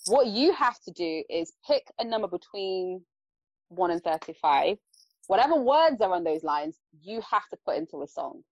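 A woman's voice: mid-range voice, big pitch swings, moderate pace, no echo, dull audio. A woman host with an English accent, chatting casually and giving effusive praise. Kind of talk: casual interview chat.

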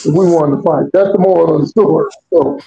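A man with a high voice tells a long story on a casual podcast. He is profane and animated and acts out every quote. The recording sounds dull and lo-fi. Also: fast, creaky. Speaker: podcast co-host. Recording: dull lo-fi audio.

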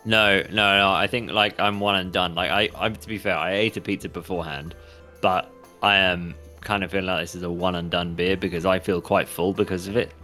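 A relaxed man chats on a podcast with short, easygoing replies. His voice is low yet bright and forceful, with music faint behind him. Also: brisk. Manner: laid-back, short agreeing replies. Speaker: podcast co-host. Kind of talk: casual chat.

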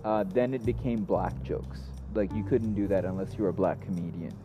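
A man's voice: low voice, a little fast, music in the background. A man co-hosting a podcast, chatting casually with friends, joking, laughing and swearing freely. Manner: laughing, profane, jokey banter. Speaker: podcast co-host. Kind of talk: casual chat.

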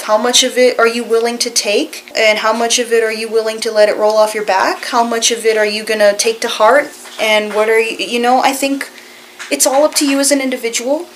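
Chatty rambling woman with a high voice. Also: slight background noise, rough recording. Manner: rambling, chatty, lots of filler phrases; earnest and reassuring. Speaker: vlogger. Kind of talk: casual chat to camera.

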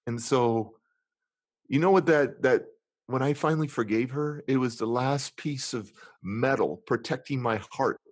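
A middle-aged man, a guest in a conversation, candidly and emotionally shares a painful personal story, acting out his inner dialogue in different tones. He speaks earnestly and a little slowly with no echo, dropping low and quiet at the hardest moments.

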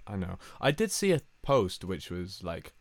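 Brief: deep-voiced young guy, podcast co-host, ribbing his partner. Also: very animated, unhurried, creaky. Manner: teasing, laughs often. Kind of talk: casual chat.

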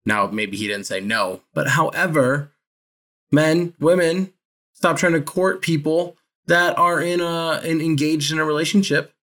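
A man's voice: on the high side, measured pace, fairly bright tone. A man chatting casually on a podcast, rambling and correcting himself as he talks. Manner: rambling, self-correcting, laughs often. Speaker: podcast co-host. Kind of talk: casual chat about a reality show.

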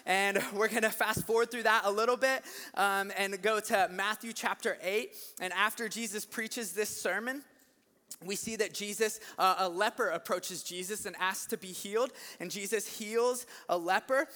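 A man preaching an energetic sermon, telling the story with animated delivery that climbs into shouts. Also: high voice, normal speed. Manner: animated storytelling, acts out voices, rising to shouts. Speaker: pastor. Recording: long hall reverb.

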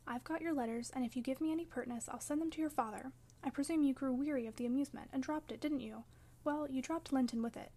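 A woman's voice: high voice, dark tone. A woman reading the part of a stern, scheming man on horseback, coaxing and insistent, in an audiobook reading.

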